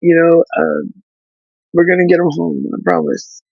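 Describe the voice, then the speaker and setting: A woman whose child is in foster care, speaking through tears in halting, pleading talk that stops and restarts. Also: fairly low pitch, sing-song, vocal fry, no echo, muffled recording. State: crying, tearful. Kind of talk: emotional livestream talk.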